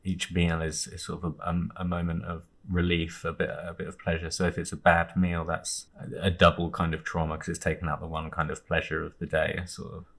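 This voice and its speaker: A male interviewer with a very deep, monotone voice. He asks questions calmly and stops to rephrase mid-sentence as he searches for the right words. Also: gravelly. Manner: measured, hesitant rephrasing.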